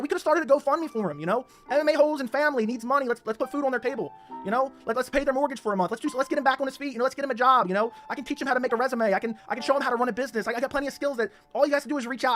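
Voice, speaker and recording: A man's voice: extremely high pitch, rapid-fire, a bit bright, faint music behind. A man with a Baltimore accent hosting his own channel, delivering a heated, mocking rant and repeating himself as he goes. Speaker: YouTube channel host. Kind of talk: ranting monologue.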